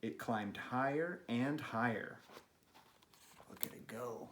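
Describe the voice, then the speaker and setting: A man hosting a children's read-aloud, narrating a story and making gentle, chatty asides to a pet. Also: medium pitch, slow. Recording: roomy, echoey room.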